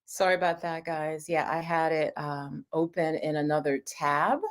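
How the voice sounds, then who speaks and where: A woman with a slightly low voice hosts a casual livestream from her home. She chats in a loose, rambling way, greeting viewers as they join. She sits on the floor as she talks. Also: level tone, moderate pace. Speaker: livestream host, angel card reader. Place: home room, sitting on the floor.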